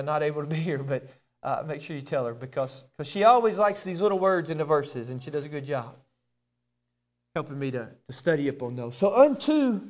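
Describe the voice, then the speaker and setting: A male pastor preaching a sermon, often repeating words as he restarts, then building to emphatic, raised passages. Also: fairly high pitch. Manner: stammering word repeats, building to emphatic shouts.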